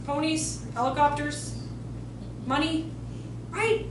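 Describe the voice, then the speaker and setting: A woman in her forties teaching childcare staff about behavior, with a high voice and a sassy, storytelling manner. She slips into the children's voices as she tells her stories. She is heard from a distant mic in an echoey room, with faint noise behind her. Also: takes it slowly. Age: 40s. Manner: lively, sassy storytelling, acts out kids' voices. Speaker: behavior trainer. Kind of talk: workshop talk to childcare staff.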